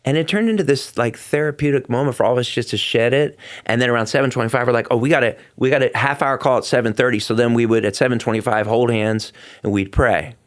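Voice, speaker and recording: Middle-aged male stage performer, interview guest; heartfelt, animated storyteller who acts out quotes. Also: medium pitch, quick pace, few pauses. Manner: excitable, acts out quotes with big vocal swings; earnest and heartfelt.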